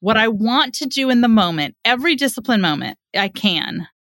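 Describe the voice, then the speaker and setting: A woman's voice: a little high, lively intonation, brisk, a bit bright, no echo, studio quality. Earnest woman telling a parenting story. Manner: earnest, acts out parent and child quotes. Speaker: psychotherapist and parenting author, podcast guest. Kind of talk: conversational storytelling, explaining.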